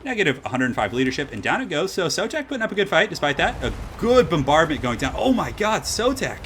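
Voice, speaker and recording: A man casting a strategy game match live, moving from calm analysis to loud excited hype. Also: on the high side, fast talker, a little hiss or hum. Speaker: streamer casting a tournament match.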